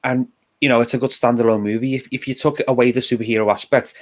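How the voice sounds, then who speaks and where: A young man with a Liverpool accent, co-hosting a casual film discussion and explaining his views in a measured, thoughtful way. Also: mid-range voice, fairly even intonation. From England. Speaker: co-host.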